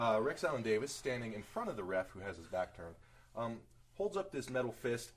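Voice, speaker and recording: A man narrating as game master of a tabletop game in an animated, chatty way. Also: mid-range voice, fairly quick, breathy edge, rough recording. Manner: animated, chatty, laughs often.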